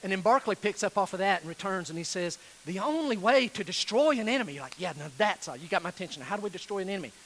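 Earnest high-voiced male preacher. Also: expressive, fairly bright tone, low-quality recording. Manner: earnest, pleading, emphatic with slow stressed phrases. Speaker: pastor. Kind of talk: sermon.

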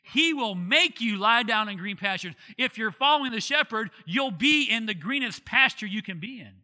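A middle-aged man from Ohio preaching a sermon as pastor, lively, asking questions and laughing at himself. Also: sits high, moderate pace. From Ohio, USA.

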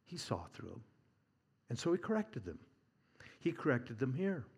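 A man preaching a sermon, conversational and humorous, swinging from loud emphasis to hushed near-whispers and chuckling at his own points. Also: medium pitch, very animated, normal speed, vocal fry, slightly rough.

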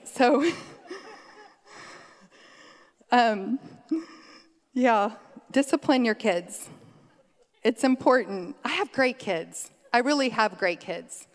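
Chatty middle-aged woman preaching in a hall. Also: mid-range voice. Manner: chatty, laughs easily, goes off on tangents. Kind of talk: conversational sermon. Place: church sanctuary. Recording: long hall reverb.

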